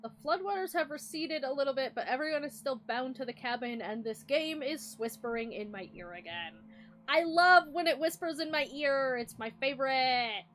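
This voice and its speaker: A bright, sharp-toned woman streams a game, reading its lines aloud and cracking crude jokes in reply. Her voice sits high and leaps up and down. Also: animated, normal speed, a little hiss or hum. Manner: reads game text aloud, swears and jokes. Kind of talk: let's-play commentary.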